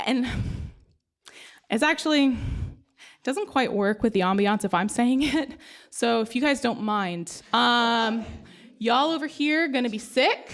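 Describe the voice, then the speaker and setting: Animated woman storyteller. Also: high voice, moderate pace. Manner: animated, self-deprecating, funny. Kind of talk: live comic storytelling. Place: stage before a live audience.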